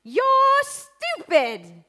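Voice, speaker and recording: A shrieking, scornful art teacher. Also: female voice, extremely high pitch, wildly swooping pitch, drawn-out words, pushed and bright, pitched above the performer's own voice, full character voice. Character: shrill, harsh female art teacher.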